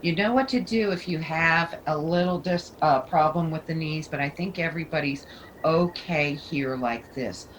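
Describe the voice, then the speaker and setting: A woman leading a yoga class, giving calm, soothing cues. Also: low voice, normal speed, slight background noise, poor audio. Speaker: yoga teacher. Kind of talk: guided yoga instruction.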